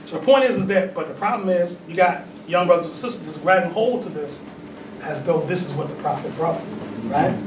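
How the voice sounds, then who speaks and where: A religious teacher in his forties gives a call-and-response sermon to a congregation in a temple, asking the room questions and laughing between points. His voice is high and a little fast, picked up by a distant mic in an echoey hall with steady background noise.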